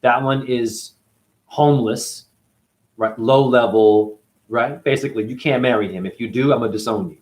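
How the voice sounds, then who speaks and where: A scornful royal father, as a man puts him on, drawls in a lowered voice. He sounds harsh and contemptuous. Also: normal speed, a little mellow, close to an everyday voice. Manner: dismissive, drawling.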